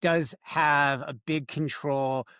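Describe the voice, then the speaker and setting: A man's voice: on the high side, steady tone, takes it slowly, fairly bright tone, clean tone, dry recording, clean studio sound. A young man co-hosting a coaching podcast, explaining things in an easygoing, casual way. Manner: explanatory, easygoing, laughs often. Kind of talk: casual chat.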